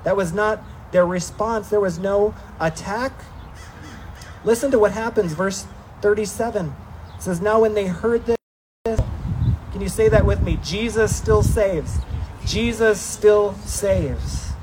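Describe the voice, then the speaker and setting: A male pastor delivering a sermon, emphatic, slowing down to read scripture aloud. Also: high voice, a little mellow, a little hiss or hum, rough recording. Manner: emphatic preaching, slowing for scripture, acting out voices.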